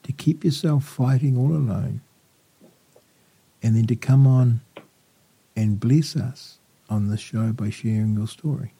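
A man's voice: medium pitch, unhurried, vocal fry, pauses often, breathy edge. A man hosting a talk radio interview, effusive and full of praise for his guest. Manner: warm, effusive. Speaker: radio host.

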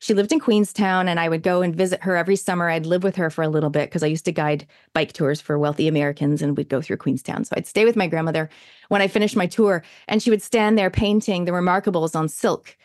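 A woman's voice: fairly low pitch, fairly even intonation, fast, darkish tone, no room sound, clean studio sound. A woman in her thirties with a Canadian accent, chatting in an interview in an enthusiastic, talkative way with lots of fillers. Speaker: interview guest. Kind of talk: casual interview chat.

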